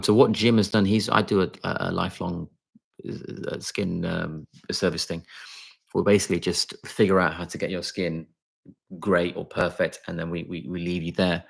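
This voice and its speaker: A man's voice: deep voice, gravelly. A man, a doctor, casually answering viewers' chat questions on a live stream, talking with many fillers and restarts.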